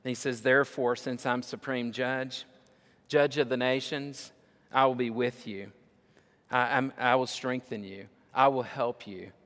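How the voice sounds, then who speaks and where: A man's voice: mid-range voice, fairly even intonation, measured pace. Preaching man in a reverberant hall. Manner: building to loud emphatic repetition. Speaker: pastor. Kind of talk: sermon.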